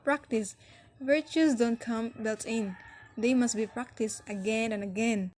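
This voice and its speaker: A woman's voice: fairly high pitch, a little slow, a little mellow. A woman presenting a school lesson, reading scripted text, with section headings said with a lift. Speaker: student presenter.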